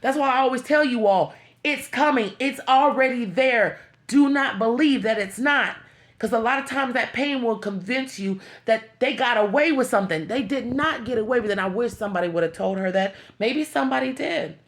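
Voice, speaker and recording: A woman's voice: fairly high pitch, moderate pace. A woman speaking to her viewers in an emotional, heartfelt motivational talk, pleading and repeating herself, close to tears. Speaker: vlogger.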